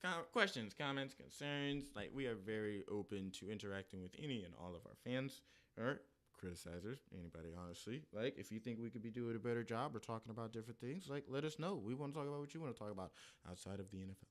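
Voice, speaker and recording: A man co-hosting a casual sports podcast, chatty and quick to laugh. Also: medium pitch. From Indianapolis area. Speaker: podcast co-host.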